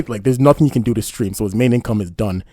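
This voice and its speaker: A man's voice: medium pitch, fast, mellow, no room sound, studio quality. A man doing casual online commentary, indignant and rambling, often asking "you know what I mean". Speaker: commentary YouTuber.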